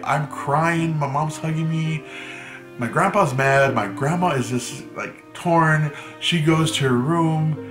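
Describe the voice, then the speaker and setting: A man with Mexican roots telling a story from his teen years in a casual storytime vlog, chatting loosely with lots of "like". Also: medium pitch. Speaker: vlogger. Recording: echoey room with music behind. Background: background music.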